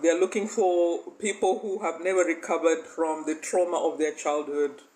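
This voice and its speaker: A woman's voice: fairly low pitch, darkish tone, low-quality recording. A woman coach delivers a faith-based motivational talk with emphasis. She throws rhetorical questions at the listener and keeps laughing between her points. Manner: emphatic, often breaks into laughter. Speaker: life coach.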